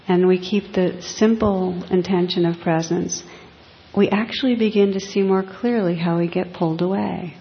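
A woman meditation teacher giving a dharma talk, speaking slowly and softly with reflective pauses. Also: on the low side, steady tone, slight background noise. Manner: slow, soft, reflective, with long pauses. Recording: echoey hall, dull lo-fi sound.

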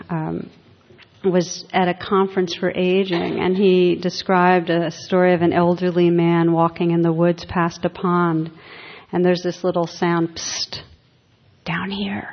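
A woman meditation teacher giving a gentle, reflective dharma talk with light humor to an audience. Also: fairly low pitch. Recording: dull echoey hall.

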